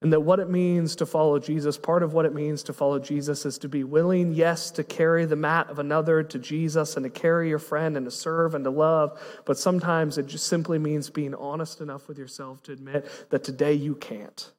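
A man preaching a sermon as pastor, impassioned, swinging between hushed and excited delivery. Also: a little high, a little fast, hardly any pauses, big-room sound.

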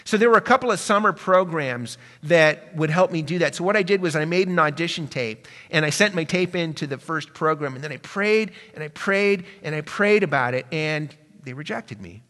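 A man preaching a sermon to a congregation, swinging between hushed, reflective passages and loud, emphatic ones. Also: fairly high pitch, moderate pace, few pauses. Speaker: pastor. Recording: reverberant hall.

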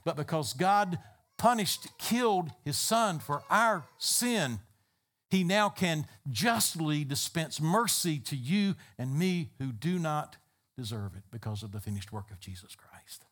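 A man's voice: fairly high pitch, animated, unhurried, a bit bright. A man preaching a sermon as a pastor, building emphatic repeated phrases. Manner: emphatic, repetitive preaching cadence.

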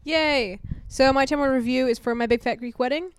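A woman's voice: sits high, brisk, smooth. A woman co-hosting a podcast, chatting casually with a playful, teasing manner. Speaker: podcast co-host. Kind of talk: casual chat.

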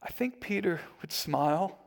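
A man's voice: sits high, lively intonation, moderate pace, creaky. A man preaching a sermon as a pastor, telling stories in a conversational way.

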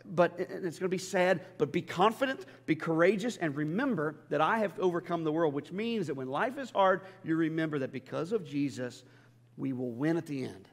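A man preaching a sermon as a pastor, impassioned and stammering over restarts, swinging between loud and hushed. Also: on the high side, normal speed. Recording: long hall reverb.

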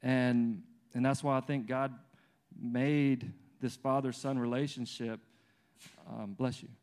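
A man's voice: mid-range voice, slow, clean tone. A man in his thirties preaching in an informal, conversational way, telling family stories with many restarts and fillers. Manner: lively storyteller acting out his toddler and himself. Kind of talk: conversational sermon with personal stories.

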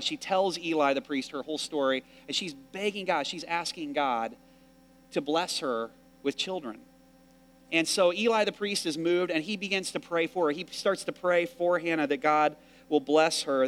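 A pastor preaching a sermon, telling a Bible story with animated delivery and acted-out quotes. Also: male voice, on the high side.

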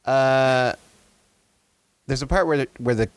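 A man's voice: medium pitch, takes it slowly, smooth, dry recording. A man co-hosting a podcast, chatting casually while recapping a movie scene, with dry humor and frequent restarts. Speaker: podcast co-host.

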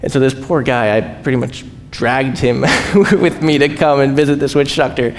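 A man preaching as a missionary, telling stories with lively acted-out voices and frequent laughs. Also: moderate pace. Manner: animated, acts out quoted voices, laughs often. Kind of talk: storytelling sermon. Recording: echoey hall, faint rumble.

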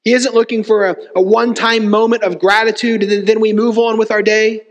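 High-voiced pastor preaching in a reverberant hall. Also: male voice, flat delivery, a little fast. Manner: emphatic preaching with rhetorical repetition. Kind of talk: sermon. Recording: long reverb of a church hall.

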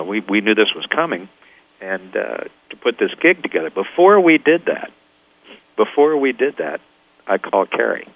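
An older man from Kansas talks through a tinny phone line, his voice sitting a little low. He tells his band's story as a guest, acting out the people in it. It sounds like a radio phone interview. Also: vocal fry. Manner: lively storyteller, acts out quoted voices. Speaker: band founder, guest.

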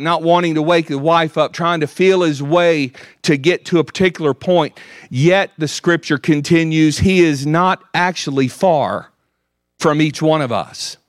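A man's voice: fairly high pitch, no room sound, clean studio sound. A man preaching a sermon, earnestly quoting scripture. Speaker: pastor.

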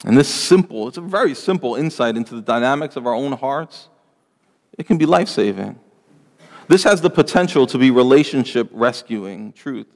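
Male pastor, mid-pitched and earnest, preaching with a long hall echo trailing his words. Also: lively intonation, normal speed. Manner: earnest, pleading, rising emphasis on lists. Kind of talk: sermon.

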